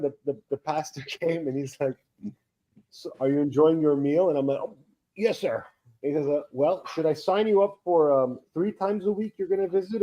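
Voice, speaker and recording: A man in his thirties with a fairly high voice hosts a casual live co-stream, telling long, rambling stories and animatedly acting out the people he quotes. The sound is lo-fi.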